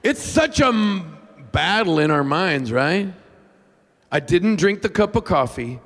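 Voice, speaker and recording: This high-pitched man preaches at a measured pace, poking fun at himself through humorous anecdotes in his sermon. As a pastor in a church sanctuary, he jumps animatedly into loud, whiny voices, and the big hall leaves a long reverb.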